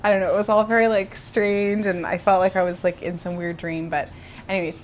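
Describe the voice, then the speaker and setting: A woman's voice: mid-range voice, flat delivery, fairly quick, a little hiss or hum. A young woman vlogger telling a personal story in a casual, chatty way, with lots of fillers and restarts.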